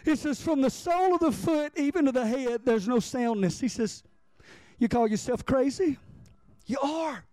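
A man preaching a sermon, animated and repetitive, stammering as he builds his points. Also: very high voice, normal speed, no room sound. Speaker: pastor.

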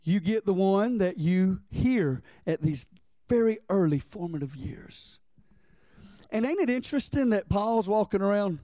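A man preaching a folksy sermon, slowing down for emphatic lines and rushing through asides. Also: high-pitched, animated, dark tone, no room sound. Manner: folksy preaching with Southern phrasing, swings from slow emphatic lines to quick asides. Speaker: pastor.

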